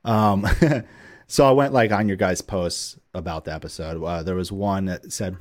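Slangy, enthusiastic low-voiced podcast host. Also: male voice, unhurried. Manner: enthusiastic, slangy, swears freely. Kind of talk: casual podcast interview.

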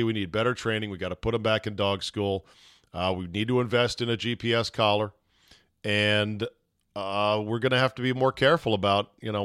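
A man's voice: on the low side, clean tone, no echo. Man telling a story, dry close sound. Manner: animated, acts out quoted shouts and panic; swears casually. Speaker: podcast host. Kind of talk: casual storytelling monologue.

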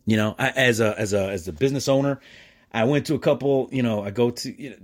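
A man's voice: mid-range voice, quick pace. A man hosting a podcast in a casual, rambling monologue, restarting often and calling listeners "man" and "bro.". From Michigan, United States. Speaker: podcast host; small business owner and dad.

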